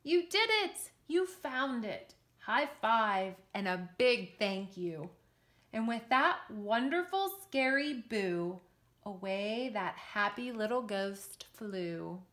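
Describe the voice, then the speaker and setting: A woman teacher reading a picture book aloud to children in an expressive, sing-song, encouraging way. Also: medium pitch, slow pace. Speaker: children's yoga and story teacher.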